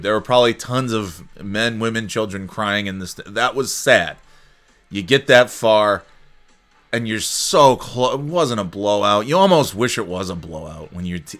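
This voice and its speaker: A man's voice: fairly low pitch, unhurried, a bit bright, faint music behind. A man hosting a casual solo sports talk show, rambling and joking with many fillers and restarts. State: sleepy, yawning. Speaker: sports podcast host.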